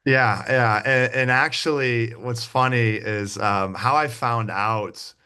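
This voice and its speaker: A man's voice: medium pitch, steady tone, takes it slowly, pushed and bright, clean tone. A man in his thirties, a podcast guest, telling a long story in a loose, rambling way with many restarts. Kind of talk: casual interview chat.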